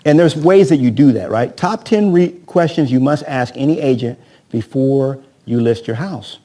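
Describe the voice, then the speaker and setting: At a live seminar, a man with a mid-range voice trains real estate agents at normal speed. Energetic, he keeps tossing "right?" and questions to the audience, and acts out sales scripts with a volunteer from the crowd.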